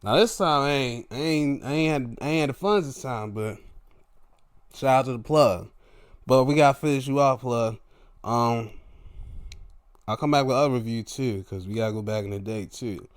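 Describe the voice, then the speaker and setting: A man giving a casual solo wrestling review, animated and swearing freely as he recounts the action. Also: medium pitch, normal speed, smooth.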